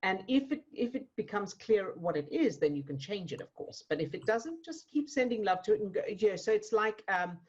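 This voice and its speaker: A woman coach guiding a client in a one-to-one session, gentle and reassuring, asking questions. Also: mid-range voice, expressive, a little fast, hardly any pauses, breathy edge, lo-fi sound. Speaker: emotional fitness coach.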